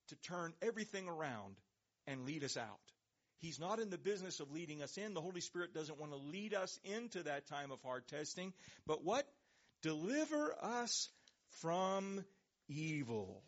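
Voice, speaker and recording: A man preaching a sermon, pressing hard on key words and slowing down to let them land, then dropping his voice low. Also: breathy edge, highs cut off. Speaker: pastor.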